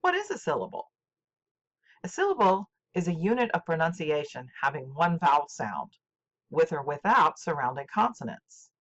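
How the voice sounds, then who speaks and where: An older woman teaching a scripted literature lesson, speaking slowly and deliberately with clear enunciation. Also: low voice, big pitch swings. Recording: dull lo-fi recording.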